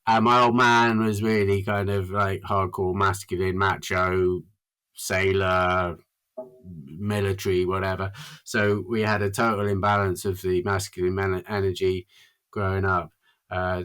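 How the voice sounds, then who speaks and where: A man with a slightly low voice rambles earnestly through a casual podcast chat. He fills his talk with "you know" and restarts. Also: a bit bright. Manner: rambling, earnest, full of fillers. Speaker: podcast guest.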